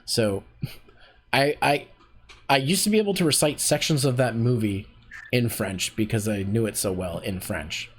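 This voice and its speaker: A man's voice: medium pitch, moderate pace, husky. A Canadian man with a Canadian accent, coaching voice acting in a rambling, chatty stream chat full of fillers. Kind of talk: casual streamed voice acting lesson.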